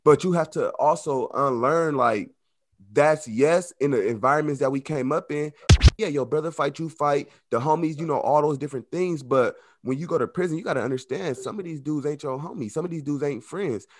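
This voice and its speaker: A man, formerly incarcerated, talking casually in an interview. His speech is loose and conversational, full of "like" and "you know", and he slips into lively acted-out quotes. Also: on the high side, fairly quick, dry recording, studio quality.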